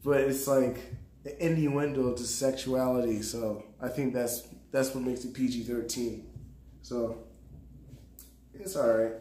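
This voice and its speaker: A man's voice: medium pitch, steady tone, unhurried, warm tone, a little hiss or hum. Chatty streamer man in an echoey room. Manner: rambling, laughs often, talks to chat. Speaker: streamer and stand-up comedian. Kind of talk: casual live-stream chat. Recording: roomy echo.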